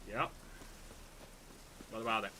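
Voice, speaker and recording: A man's voice: a little slow, a little hiss or hum. A man co-hosting a gaming live stream, chatting casually and playfully over gameplay. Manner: playful, jokey, breaks into excited yelps.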